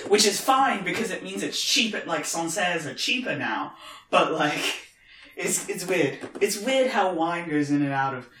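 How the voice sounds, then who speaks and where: A man's voice: sits high, animated, normal speed, a crowd in the background. A man with a posh London accent and northern tweaks, chatting wryly as a podcast co-host at home. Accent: posh London English with northern tweaks. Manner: chatty, wry and joking. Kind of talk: casual chat over wine. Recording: roomy echo.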